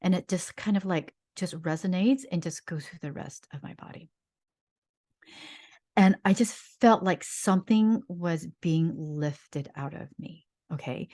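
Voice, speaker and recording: A woman's voice: fairly low pitch, darkish tone. A woman hosting a podcast, telling a personal story in an earnest, heartfelt way with lots of "like" fillers. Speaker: podcast host.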